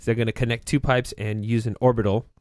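A man's voice: mid-range voice, little pitch movement, fast talker, darkish tone, dry recording, clean studio sound. Laughing man telling a work story. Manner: laughing, acts out coworkers' lines. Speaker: guest. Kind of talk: casual storytelling.

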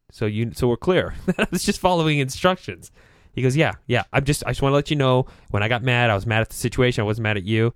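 A man's voice: mid-range voice, expressive, brisk, clean tone, no echo, studio quality. A man on a talk show, laughing as he tells a work story casually and acts out his coworkers' lines. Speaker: guest.

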